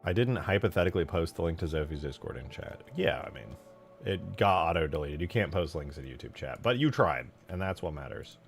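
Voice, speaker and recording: A man's voice: sits low, animated, a little fast, vocal fry, a little hiss or hum. A young man hosting a casual livestream, rambling, joking and swearing freely as he chats. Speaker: livestream host.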